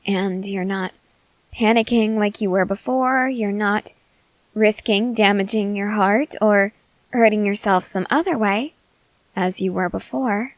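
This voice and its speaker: A young woman voicing an obsessive, possessive queen in an ASMR role-play, talking softly and insistently. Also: medium pitch, no echo, natural voice. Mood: coaxing. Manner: slow, soft, controlling and insistent.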